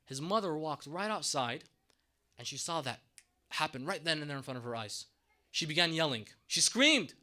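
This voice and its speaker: A man's voice: fairly high pitch, bright, forceful tone. A man preaching a sermon in a mosque, telling a story dramatically and acting out the characters' voices.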